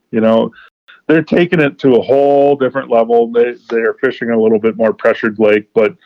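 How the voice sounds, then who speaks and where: A man hosting a fishing podcast, chatting casually and telling stories with lively quoted dialogue. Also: mid-range voice, no echo. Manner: storytelling, animated in quoted dialogue. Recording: dull dry podcast audio.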